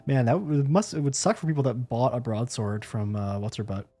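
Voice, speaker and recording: A man's voice: medium pitch, normal speed, warm tone, faint music behind. A man doing casual, joking, profane commentary while streaming a game, sleepy and yawning.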